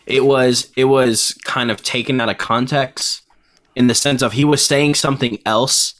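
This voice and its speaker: A man's voice: mid-range voice, steady tone, normal speed, a bit bright. A man co-hosting a casual podcast over a video call, laid-back, with lots of bro and dude. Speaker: podcast co-host. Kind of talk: casual chat.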